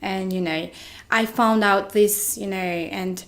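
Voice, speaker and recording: An eager young woman from Georgia answers interview questions in short, simple phrases. She leans on "you know" again and again. Her pitch sits mid-range for a woman. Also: steady tone, slow. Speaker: actress, interview guest.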